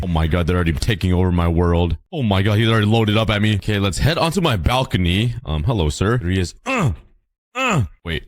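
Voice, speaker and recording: Excitable young man, lively gaming commentary. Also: lowish voice, brisk, no room sound. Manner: excitable, exclaiming and laughing often. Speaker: gaming YouTuber. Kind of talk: Minecraft let's play commentary.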